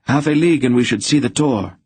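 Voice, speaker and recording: A man's voice: lowish voice, normal speed, darkish tone, breathy edge, no echo, voice pushed up. A man voicing an earnest young nobleman who speaks with urgent strain. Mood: tense. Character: young male Arendish nobleman, earnest, gallant.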